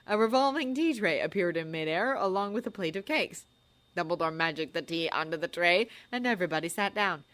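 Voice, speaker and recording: A woman narrating a fan-written story in an expressive, audiobook reading style. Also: fairly low pitch, brisk. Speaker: fanfiction reader.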